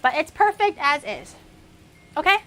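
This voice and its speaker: A woman's voice: high-pitched, big pitch swings, unhurried, fairly bright tone, a little hiss or hum. A young woman chatting casually on a cooking livestream, thinking aloud and snapping back at her chat. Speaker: cooking streamer.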